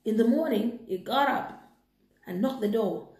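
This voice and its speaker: A woman retelling a moral story and preaching, animated and excitable. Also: on the high side, measured pace. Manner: animated, excitable, laughing asides. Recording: echoey room.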